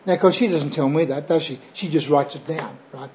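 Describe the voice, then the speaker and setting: A man's voice: fairly high pitch, brisk, hardly any pauses, darkish tone, highs cut off, slight background noise. An older Australian man, a pastor, telling his personal testimony in a chatty, rambling way with frequent fillers and "right?" tags.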